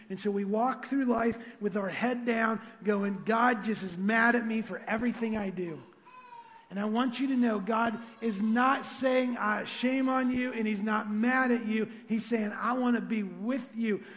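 Man, pastor, sermon, high voice, chatty and animated, long hall reverb. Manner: conversational, animated, drops to soft intimate tones.

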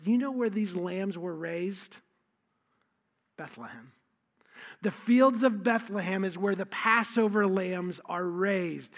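A man preaching a sermon, telling the story with emphasis and repeating key phrases. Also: sits high. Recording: long hall reverb.

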